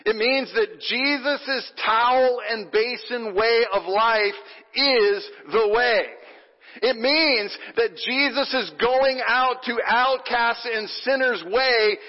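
High-voiced pastor preaching in a reverberant church. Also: male voice, slow. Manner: playful and animated, leads the congregation in call and response. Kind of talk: sermon. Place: church sanctuary. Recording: dull recording with long hall reverb.

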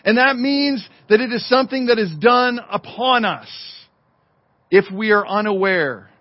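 A man preaching a sermon as pastor, speaking emphatically to the congregation and online viewers, slowing down and dropping to a murmur for effect. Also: sits high, no echo. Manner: emphatic preaching with dramatic slowdowns and drops to a murmur. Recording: dull lo-fi sermon audio.

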